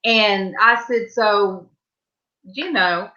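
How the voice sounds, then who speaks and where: A woman's voice: medium pitch, drawn-out words, sharp tone, dull audio. A woman hosting a casual chat over a video call, folksy and rambling with many restarts. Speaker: host.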